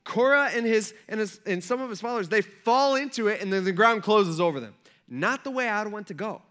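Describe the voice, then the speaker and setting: A male pastor preaches casually in a high-pitched, animated, fairly bright voice, going a little fast. He tells stories in a chatty way, full of "like" and quotes he performs aloud.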